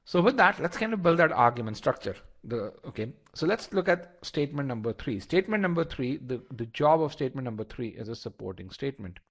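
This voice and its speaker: A man's voice: mid-range voice, big pitch swings, a little fast, few pauses, a bit bright. A man leading a live online test-prep lesson, talking straight to his students with frequent repeated words and restarts. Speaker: instructor.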